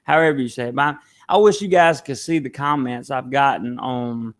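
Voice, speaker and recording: Hosting a casual live stream, a man with a Southern US accent reads viewer comments aloud and answers them. His voice is medium in pitch and his pace moderate.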